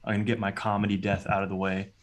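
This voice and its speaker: A man chatting casually on a podcast, animated and profane, with frequent uh and um. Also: fairly low pitch, fast talker, slight background noise. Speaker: podcast co-host. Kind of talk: casual chat.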